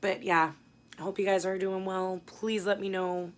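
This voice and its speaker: A woman's voice: medium pitch, little pitch movement, normal speed. A young adult woman chatting casually as a book vlogger, rambling and swearing now and then. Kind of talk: casual book haul chat.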